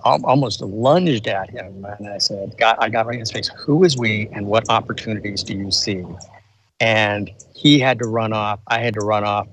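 A man's voice: fairly low pitch, fairly bright tone, a little hiss or hum, rough recording. An older man, a retired colonel, telling a story in an interview with intensity and emphasis, often restarting his sentences. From United States. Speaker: guest, retired colonel and author.

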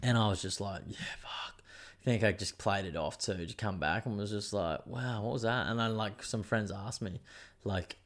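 A young man with a somewhat low voice talks through a loose, wandering monologue as host of his own show. He drifts off topic often and swears without a second thought. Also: moderate pace. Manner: rambling, digressive, swears freely. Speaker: podcast host. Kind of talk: casual monologue.

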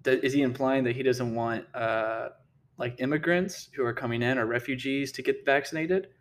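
A man delivering a casual commentary rant in a middle-pitched voice. He sounds heated and indignant throughout, tripping over his words and restarting sentences as he argues. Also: fairly even intonation, normal speed. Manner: heated, indignant, repeats himself and restarts often. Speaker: political commentator.

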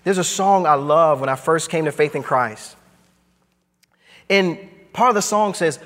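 A man preaching a sermon as pastor, emphatic and driving, his voice swinging high and low. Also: a little slow, pauses often, fairly bright tone, big-room sound. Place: church sanctuary.

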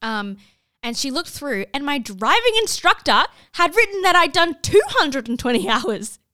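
A young Australian woman telling a story in a chatty, animated way, full of fillers. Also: sits high, moderate pace, no room sound, clean studio sound. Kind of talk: casual storytelling chat.

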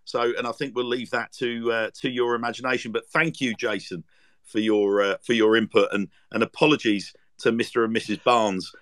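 A man's voice: mid-range voice, fairly even intonation, moderate pace, a bit bright, no echo. A man hosting a casual podcast chat, jokey and teasing, with lots of fillers. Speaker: podcast host.

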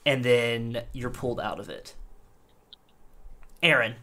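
A man's voice: mid-range voice, slow pace, sharp tone. A man narrating as game master in a tabletop game, loose and full of fillers.

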